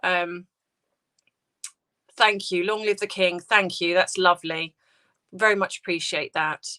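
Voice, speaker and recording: A woman hosting a live stream, grieving and close to tears, talking haltingly and greeting viewers by name. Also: on the low side, fairly even intonation, sharp tone. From United Kingdom. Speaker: livestream host. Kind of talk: emotional casual livestream chat.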